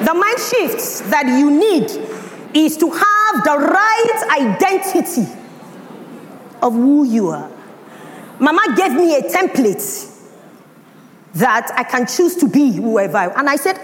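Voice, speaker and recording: A woman's voice: high voice, sing-song, measured pace, a little hiss or hum. A woman with a Nigerian accent giving a motivational talk and telling a personal story with dramatic emphasis. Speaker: speaker. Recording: echoey hall, faint ambience.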